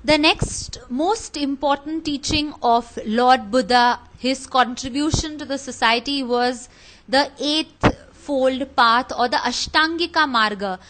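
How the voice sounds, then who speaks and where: A woman gives a history lesson, and her voice sits notably high. She explains things patiently and turns to her students often, asking them questions. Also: a bit bright, low-quality recording. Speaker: teacher.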